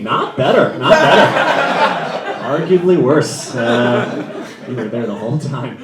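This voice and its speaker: A young man doing a stand-up comedy set in a club, chatty and self-mocking, with loose fillers. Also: mid-range voice. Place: comedy club stage before a live audience. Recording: echoey club with crowd laughter.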